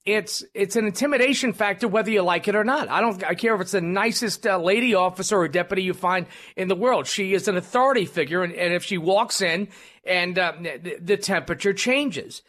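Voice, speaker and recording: A man's voice: high voice, fairly quick, a bit bright. A man, a former law officer, co-hosting a casual chat and pressing his points emphatically, repeating them for stress.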